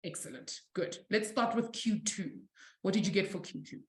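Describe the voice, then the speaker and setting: A woman's voice: mid-range voice, normal speed. Encouraging woman maths teacher, roomy sound. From South Africa. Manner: warm, encouraging, calls students "my sweetie". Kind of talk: live online maths lesson.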